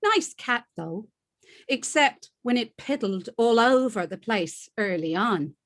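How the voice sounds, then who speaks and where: A woman's voice: on the high side, expressive, takes it slowly. A woman reading as a fed-up woman plotting to leave her man, in a dry, matter-of-fact way over a video call. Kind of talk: author reading from her novel.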